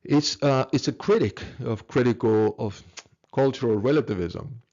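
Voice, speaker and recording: A man's voice: mid-range voice, normal speed, a little mellow, lo-fi sound. A man giving a recorded philosophy lecture in an earnest, emphatic way, repeating words and asking rhetorical questions.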